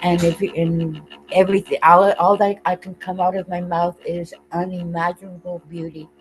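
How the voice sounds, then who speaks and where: A woman on a video call, sharing openly and tearfully, halting often and laughing through her tears. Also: lowish voice, little pitch movement, low-quality recording. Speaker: participant in an online group call. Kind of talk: emotional open sharing.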